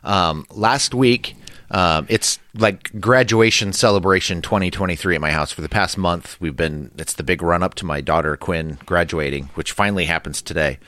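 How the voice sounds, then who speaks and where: A man co-hosting a casual podcast, chatting and telling stories, his voice a little deeper from allergies. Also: normal speed, pushed and bright, no room sound, studio quality. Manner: chatty, self-deprecating storyteller. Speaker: podcast co-host.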